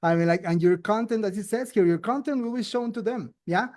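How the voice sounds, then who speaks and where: A man's voice: sits high, fairly quick, darkish tone. A man sharing social media tips in a casual online talk, chatty and full of "you know" and "I mean". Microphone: video call.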